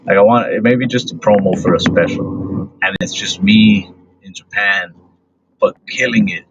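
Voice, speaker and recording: Man, casual podcast chat, laid-back, monotone, lowish pitch, dull recording. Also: normal speed, background noise. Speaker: comedian, podcast guest.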